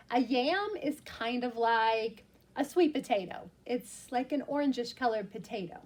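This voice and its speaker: A woman's voice: a little high, measured pace. A woman teacher reading a picture book aloud to young children, explaining words simply and with expression.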